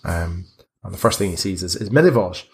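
A man's voice: low voice, lively intonation, a little fast, gravelly, slight background noise. A man narrating as game master of a tabletop game, hesitant and full of restarts. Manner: hesitant, many fillers and restarts.

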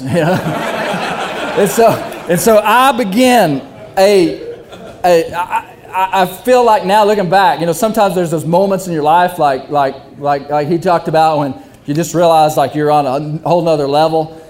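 A young man telling a hunting story, animated and often laughing while he talks. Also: a little high, moderate pace, slight background noise. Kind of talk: casual storytelling.

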